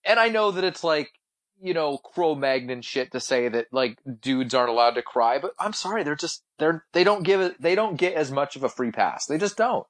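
A man's voice: on the high side, lively intonation, normal speed, fairly bright tone. A young man co-hosting a casual podcast, blunt and opinionated, swearing freely. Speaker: podcast co-host.

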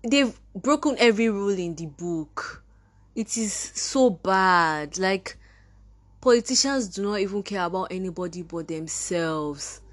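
Teenage girl, Nigerian accent, indignant rant, podcast monologue, mid-pitched voice. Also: expressive, unhurried. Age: teens. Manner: indignant, ranting, mimics others mockingly. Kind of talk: impassioned monologue.

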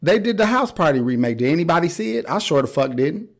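A man's voice: fairly high pitch, big pitch swings, fast. A man hosting a podcast, talking in a casual, blunt and profane way with strong opinions. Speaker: podcast host. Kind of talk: casual chat.

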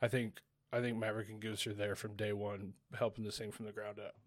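A man chatting on a podcast, opinionated and quick to react. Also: lowish voice, level tone, no room sound, clean studio sound. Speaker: podcast co-host. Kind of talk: casual chat.

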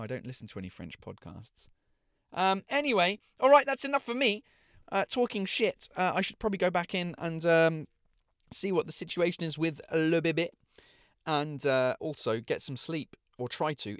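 A man's voice: on the high side, a bit bright. A man hosting his own podcast and live show in casual chat. He rambles, swears freely and mocks himself.

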